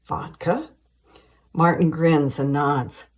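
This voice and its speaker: A woman's voice: sits low, a little slow, a little mellow, husky, rough recording. A woman screenwriter reading a screenplay aloud, giving stage directions plainly and evenly.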